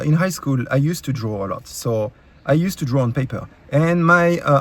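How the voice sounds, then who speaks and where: Husky French-accented man ranting. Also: medium pitch. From France. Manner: heated, profane and sarcastic, with many halting fillers. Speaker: YouTube creator. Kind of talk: ranting vlog commentary.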